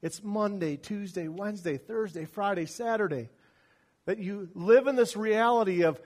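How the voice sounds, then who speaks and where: A pastor delivering a sermon, telling a personal story with wide swings between loud emphasis and quiet asides. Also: male voice, high-pitched, moderate pace.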